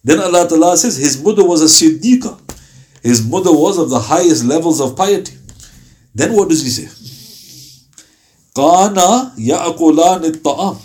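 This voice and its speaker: Male Quran teacher, slightly raised pitch; animated explainer who tells anecdotes and recites verses. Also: normal speed, long pauses. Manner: lively storytelling, breaks into Arabic recitation. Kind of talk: Ramadan tafsir class.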